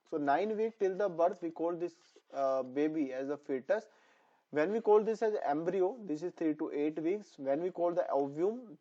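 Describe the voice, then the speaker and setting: A man gives a pediatrics lecture, his voice a little hoarse and fairly high but mellow in tone. He keeps repeating each term and range so students can memorize them. The recording sounds dull and lo-fi. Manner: repetitive, drilling terms for memorization. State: voice slightly hoarse. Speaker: nursing exam tutor. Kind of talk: online lecture.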